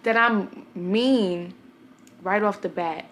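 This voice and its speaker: Young woman vlogger from Brooklyn, medium-pitched, blunt and chatty, talks straight to her viewers. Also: slow pace, fairly bright tone, slight background noise. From Brooklyn, New York. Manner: chatty, blunt storyteller addressing viewers directly. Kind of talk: casual talk to camera.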